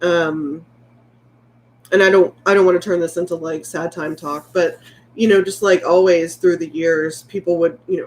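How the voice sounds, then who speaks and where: A woman's voice: fairly low pitch, fairly even intonation, moderate pace, darkish tone, slight background noise. Candid woman in her late thirties. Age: late 30s. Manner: candid, rambling, heartfelt. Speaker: vlogger. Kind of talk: casual livestream chat reading viewer comments.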